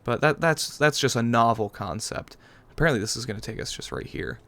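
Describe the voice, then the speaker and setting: Sarcastic, rambling let's-play host. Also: male voice, medium pitch, expressive, a little fast, gravelly, a bit bright. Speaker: gaming channel host. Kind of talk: casual let's-play commentary.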